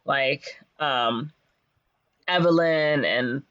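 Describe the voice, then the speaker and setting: She has a bass voice, a little bright, and talks extremely slowly. As a co-host on a podcast with dull lo-fi sound and no room echo, she jokingly recaps a movie, her speech full of ums and likes and goofy voiced lines.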